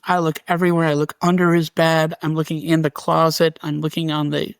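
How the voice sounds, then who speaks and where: Man, gravelly voice, casual interview guest, animated storytelling, dry close recording. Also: on the high side, no echo. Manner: animated retelling with restarts and quick laughs.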